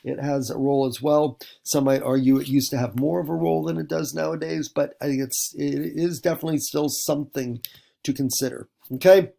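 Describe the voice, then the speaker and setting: A man's voice: a little high, fairly even intonation, fairly quick, vocal fry, mellow. A man from the United States, teaching a recorded lesson in a rambling way with many fillers and restarts. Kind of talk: recorded classroom lecture.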